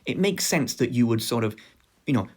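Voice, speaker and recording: A young British man giving a sarcastic commentary lecture, animated and stammering through restarts. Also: medium pitch, fairly quick, breathy edge. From Britain.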